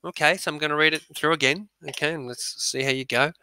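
A man's voice: fairly high pitch, steady tone, quick pace, bright, forceful tone, clean tone. A man teaching a dictation lesson to pupils, upbeat and chatty, with frequent ums between his instructions. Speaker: primary school teacher. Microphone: recorded audio, speaker not seen.

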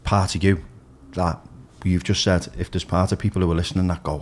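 A man's voice: low voice, flat delivery, brisk. A middle-aged man with a Liverpool accent, speaking frankly and emphatically as a podcast guest, swearing freely. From Liverpool, England. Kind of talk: candid podcast conversation.

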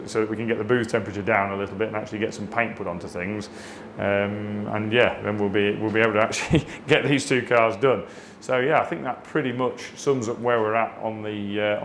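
A man's voice: lowish voice, a little hiss or hum. A man giving a casual workshop update on paint prep, speaking steadily and hesitantly. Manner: steady and hesitant, many fillers and restarts. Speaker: body shop lead.

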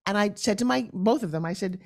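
A woman's voice: medium pitch, quick pace. Middle-aged woman guest, chatty, big storyteller, jumps into silly voices for quotes. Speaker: guest, pitch expert. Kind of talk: animated storytelling interview.

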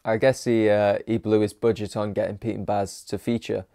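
Male reaction host, candid and jokey, warm low-key delivery. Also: flat delivery, normal speed, creaky, no echo, clean studio sound. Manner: candid, swears freely, joking asides. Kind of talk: casual reaction commentary.

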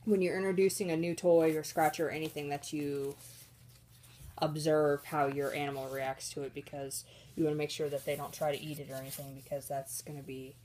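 A woman's voice: flat delivery, brisk, dark tone, a little hiss or hum. Giggly woman filming her pets. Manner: chatty, giggly, voices her cats' thoughts in squeaky bursts. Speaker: pet vlogger. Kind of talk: casual off-camera narration of pets. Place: indoors at home. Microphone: handheld phone camera.

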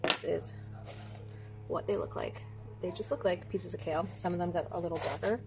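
A middle-aged woman chatting casually through a home cooking demo, upbeat and thinking out loud with fillers. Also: lowish voice, normal speed, vocal fry, music in the background. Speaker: home cook vlogger. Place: home kitchen.

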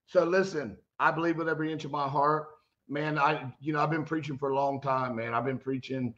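A male preacher with a high voice gives a fervent sermon, swinging from conversational storytelling to loud exclamations. The audio is dull and lo-fi. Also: fairly even intonation, fairly quick. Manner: retells stories with quoted dialogue.

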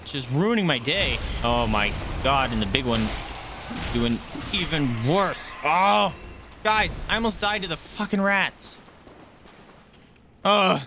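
A man's voice: a little high, lively intonation, takes it slowly, pushed and bright, slight background noise. A man streaming a game live, talking through his fights with frequent swearing, greeting viewers and chatting to his dogs. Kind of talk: live gameplay commentary.

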